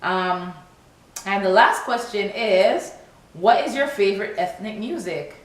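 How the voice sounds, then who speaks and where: A woman's voice: medium pitch, measured pace, slight background noise. A woman with a Jamaican accent chatting casually to camera, mixing Patois into her speech and saying "yo" often. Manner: lively, mixes Patois into her talk, says "yo" often. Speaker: vlogger. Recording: roomy echo.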